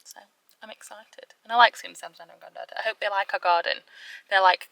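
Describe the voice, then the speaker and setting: A woman's voice: mid-range voice, steady tone, a little fast, creaky, fairly bright tone, rough recording. A young woman, chatting casually to camera in her vlog, upbeat and a bit breathless. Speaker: vlogger.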